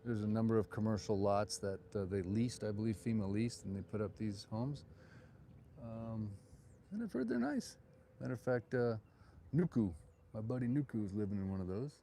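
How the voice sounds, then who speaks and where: A man's voice: fairly low pitch, fairly even intonation, normal speed, dark tone, a little hiss or hum. Rambling middle-aged man on a night walk. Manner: rambling, digressive, chatty asides. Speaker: realtor hosting a walking tour. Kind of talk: live walking-tour vlog. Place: outdoors on a town street at night. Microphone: phone.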